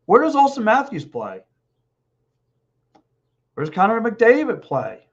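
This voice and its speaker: A man in his fifties hosting a podcast, talking sports alone and reading out live comments, blunt and excitable, repeating himself, a little hoarse with a dry throat. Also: high-pitched, a little slow. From Philadelphia. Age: 50s. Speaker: podcast host. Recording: dull lo-fi stream audio.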